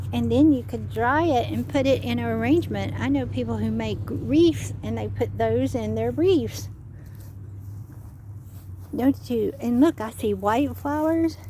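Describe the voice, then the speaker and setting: Slow, gravelly woman talking to kids. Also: fairly high pitch, dark tone, a little hiss or hum. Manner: patient, teacherly, keeps asking children questions; spells words out letter by letter. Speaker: children's educator. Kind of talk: nature walk talk for children. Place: outdoors on a walk.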